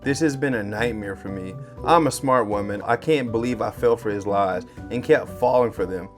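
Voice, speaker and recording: A man who works in cybersecurity, telling a scam story to his viewers in a lively way. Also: moderate pace, soft background music. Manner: lively, swings pitch and loudness when acting out chats. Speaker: cybersecurity vlogger. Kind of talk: animated storytelling to camera.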